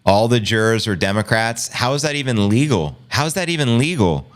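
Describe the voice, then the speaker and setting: A man's voice: medium pitch, animated, fairly quick, smooth. A man hosting a crypto news show, giving exasperated, incredulous live reaction commentary in a rambling way.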